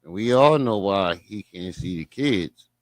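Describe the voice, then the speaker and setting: A man's voice: low-pitched, lively intonation, no room sound. A man hosting a reaction commentary, mocking and profane in a sarcastic drawl. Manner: sarcastic, profane, drawn-out mockery. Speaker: commentary host.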